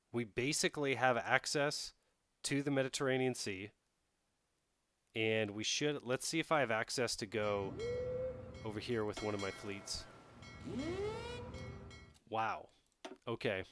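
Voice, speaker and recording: Male streamer, mid pitch, clean smooth voice, casual running commentary at a desk mic. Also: unhurried, long pauses, a bit bright. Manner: thinks aloud, talks to chat. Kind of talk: casual live-stream commentary while playing a strategy game.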